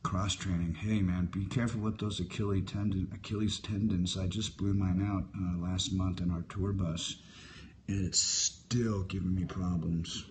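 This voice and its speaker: A man in his fifties with a deep, low voice, talking into a phone during a live stream. He answers viewer questions in a relaxed, musing way and wanders from one topic to the next. Faint ambient noise sits behind him. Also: moderate pace. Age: 50s. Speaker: livestreamer answering viewer comments. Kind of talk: casual live-stream chat. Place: hotel at sunrise. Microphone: phone held for a live stream.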